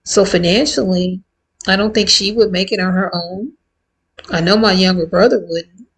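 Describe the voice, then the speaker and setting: A woman in her fifties talking candidly and warmly to her viewers in a casual, heartfelt vlog. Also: mid-range voice, normal speed, breathy edge, low-quality recording. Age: 50s. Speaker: vlogger. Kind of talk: casual chat to camera.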